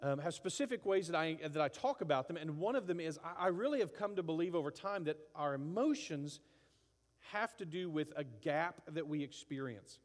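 A middle-aged man preaching in a relaxed, conversational way, with long reverb from a large hall. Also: fairly high pitch, brisk. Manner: conversational, acts out angry outbursts. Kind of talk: sermon.

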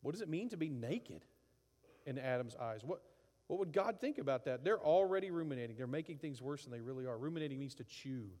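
A man preaching a sermon in an animated way, acting out quoted voices as he goes. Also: medium pitch, a little fast, long reverb tail. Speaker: pastor.

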